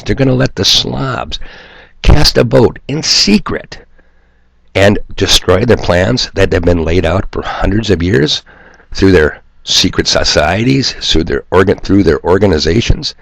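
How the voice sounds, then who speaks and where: Deep gravelly man ranting sarcastically. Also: no room sound. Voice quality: nasal twang. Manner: sarcastic, profane, self-mocking. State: hay fever. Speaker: solo video commentator. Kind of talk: ranting monologue to viewers.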